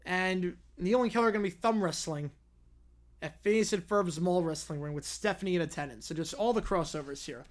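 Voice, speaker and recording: Male stream host, high voice, reads viewer stories with quick asides. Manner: quick, animated reading with asides. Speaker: livestream host. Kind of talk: reading viewer stories with commentary.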